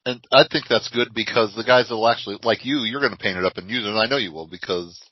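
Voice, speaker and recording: Low-voiced older man telling stories. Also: fast talker, husky, no room sound. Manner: lively storyteller with frequent laughs. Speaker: podcast co-host. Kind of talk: casual podcast chat. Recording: dry, dull lo-fi audio.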